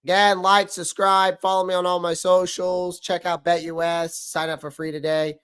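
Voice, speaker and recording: A man hosting a fan livestream about his football team, hoarse from losing his voice, talking bluntly and repeating his points. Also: high-pitched, level tone, normal speed, fairly bright tone. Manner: blunt, emphatic, repeats himself. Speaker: sports fan show host. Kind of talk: livestream sports rant.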